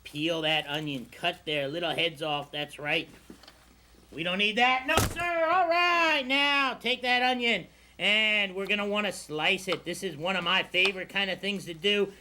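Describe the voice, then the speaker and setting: A man's voice: sits high, animated, a little slow, pushed and bright, slight background noise. Folksy, hammy man hosting a cooking show. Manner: folksy, hammy, exuberant showman. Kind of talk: cable TV cooking demonstration. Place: TV studio kitchen.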